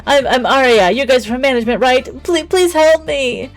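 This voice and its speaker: A woman's voice: high voice, normal speed, soft background music, voice pushed up, lightly acted. A woman voicing a frightened young waitress who pleads her innocence in a shaky voice, reading aloud from a game. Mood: pleading.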